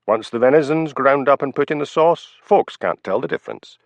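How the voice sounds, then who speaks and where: Man doing a high, excitable waiter. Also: a little fast, no room sound, lightly acted. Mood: eager. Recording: dull lo-fi, dry.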